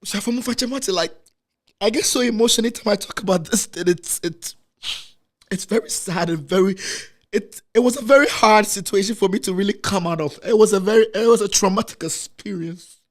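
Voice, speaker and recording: A man with a Ghanaian accent telling an emotional personal story, repeating himself and mixing in Twi phrases. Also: fairly quick. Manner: emotional, repetitive, with dramatic pitch swings. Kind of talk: emotional storytelling, switching between Twi and English.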